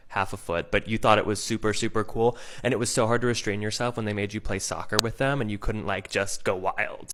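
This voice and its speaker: A man doing sarcastic comedic rants and rankings in an animated, rapid-fire way. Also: fairly low pitch. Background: faint music.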